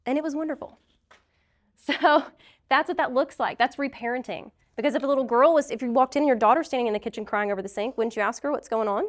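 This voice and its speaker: A woman with a fairly high voice leads a class on healing. She talks straight to her listeners, earnest and direct, and weaves in her own stories as she teaches. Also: fast. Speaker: class leader speaking to a group. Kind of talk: heartfelt teaching talk.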